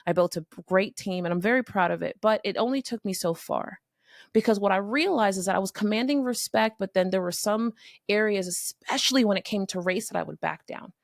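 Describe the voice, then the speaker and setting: A middle-aged woman from Miami talks straight to the listener in a candid, animated motivational monologue, swearing now and then. Her voice carries a gravelly fry, and the recording is close and dry. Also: medium pitch, a little fast, no room sound. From Miami, Florida. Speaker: podcast host.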